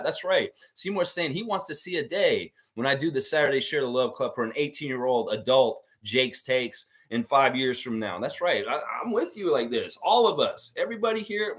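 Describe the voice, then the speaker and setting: A man's voice: mid-range voice, fairly bright tone. A Canadian man hosting a live sports stream, ranting heatedly and mocking the people he criticizes in put-on voices. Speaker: sports channel host.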